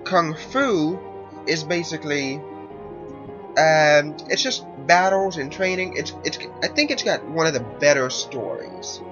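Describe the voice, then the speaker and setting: A man's voice: on the high side, lively intonation, a little slow. A man hosting a let's play, giving casual, rambling commentary and correcting himself as he explains the game. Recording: lo-fi with game music behind.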